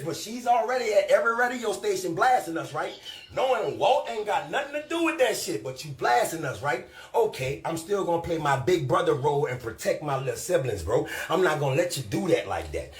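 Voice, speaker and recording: A man on a live stream delivering a loud, profane rant, scolding and repeating himself for emphasis. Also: high-pitched, roomy sound.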